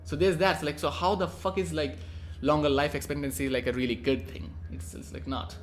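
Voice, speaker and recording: A man's voice: a little high, fairly even intonation, brisk, slight background noise. A young man from India rambling casually through a profane, cheeky monologue as a vlogger.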